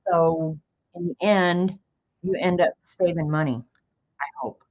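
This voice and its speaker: A woman's voice: fairly low pitch, steady tone, a little slow. A middle-aged woman hosting an art livestream, chatting casually and talking to herself as she draws. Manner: chatty, talks to herself while working. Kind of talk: casual chat while drawing. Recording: dull lo-fi stream audio.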